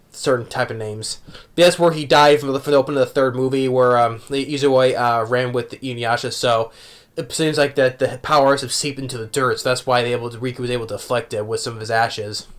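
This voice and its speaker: A man's voice: mid-range voice, a bit bright. A man casually recapping an anime episode, rambling with many restarts and fillers. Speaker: anime reviewer.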